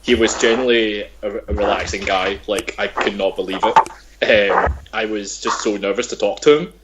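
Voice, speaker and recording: A man's voice: lowish voice, fairly even intonation, normal speed, very noisy. A young man with a Glaswegian Scottish accent, hosting a casual podcast chat, hesitant with many ums and restarts. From Scotland, Glasgow. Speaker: podcast host.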